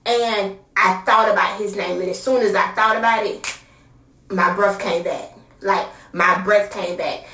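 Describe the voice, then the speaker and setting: A woman's voice: medium pitch, fairly even intonation, measured pace, bright, forceful tone. A young adult woman telling a personal story in a casual, candid way, with many fillers. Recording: roomy sound from a distance.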